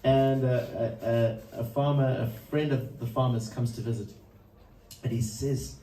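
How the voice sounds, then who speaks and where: A man's voice: medium pitch, fairly even intonation, measured pace, warm tone. A man telling a story between songs at a live performance, speaking loosely and chuckling often. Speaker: musician introducing a song. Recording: roomy live sound from a distance.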